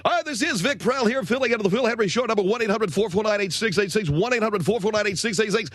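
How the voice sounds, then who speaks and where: A man playing a brash, excitable male fill-in radio host in a comedic radio bit, talking like a carnival barker. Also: high-pitched, no room sound, pitched above the performer's own voice. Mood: hyped. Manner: hyped carnival-barker delivery, rapid-fire.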